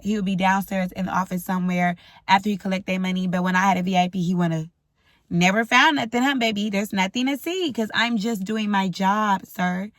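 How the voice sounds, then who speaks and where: Young woman vlogger, blunt and frank, storytime vent, dry close sound, medium pitch. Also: no echo. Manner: blunt and profane, frank venting. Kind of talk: storytime vlog. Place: indoors at home, ring light.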